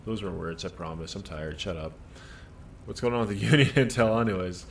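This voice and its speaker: A low-voiced man streaming a role-playing game, reading narration aloud and dropping dry asides in between. His tone stays relaxed and wry, with faint noise hanging under the recording. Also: fairly quick, creaky. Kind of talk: casual gameplay commentary and reading game text.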